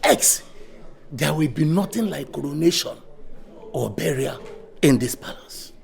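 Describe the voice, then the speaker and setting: Gravelly nigerian elder, bossy, demanding. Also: male voice, fairly high pitch, lively intonation, measured pace. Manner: confrontational and commanding. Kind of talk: Nollywood film acting.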